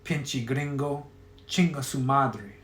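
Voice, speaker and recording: A man's voice: medium pitch, slow pace, a bit bright, echoey room, a little hiss or hum. A man voicing a hot-tempered store worker who curses angrily. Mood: angry. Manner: angry, cursing.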